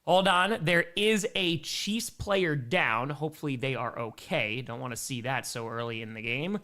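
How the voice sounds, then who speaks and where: A man doing excitable live play-by-play and reactions on a stream, reading out fan messages, a bit out of breath. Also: medium pitch, moderate pace. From Wisconsin, United States. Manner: excitable, hyped, reads fan messages aloud.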